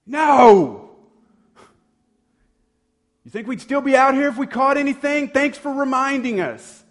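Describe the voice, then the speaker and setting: A man preaching voices exasperated grown fishermen who shout back sarcastically. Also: very high-pitched, animated, a little slow, big-room sound, voice pushed up.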